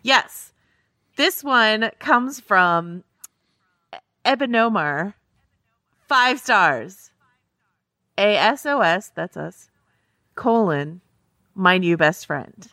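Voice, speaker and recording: A woman co-hosting a podcast in casual chat, animated and chatty, laughing often as she reads listener reviews. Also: medium pitch, drawn-out words, long pauses, dry recording, studio quality. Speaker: podcast co-host.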